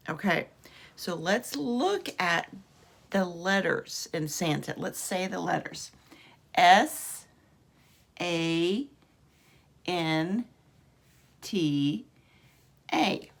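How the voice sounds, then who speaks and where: Slow, gravelly-voiced woman teaching phonics. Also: fairly low pitch, lively intonation. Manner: slow, encouraging, drawn-out sounds for kids. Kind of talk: online phonics lesson for young children.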